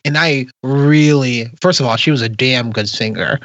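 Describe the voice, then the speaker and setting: A man's voice: medium pitch, moderate pace, fairly bright tone, dry recording. A man reviewing a film on a podcast in loose, rambling casual chat. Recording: dull, dry lo-fi mic.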